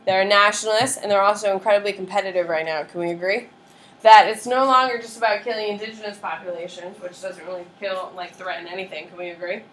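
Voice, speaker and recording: Woman teacher mid-lecture, lively and checking in a lot, recorded from a distant camera in an echoey classroom. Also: mid-range voice, fast, slight background noise. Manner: lively, checks in with students often. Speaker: history teacher. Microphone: far camera.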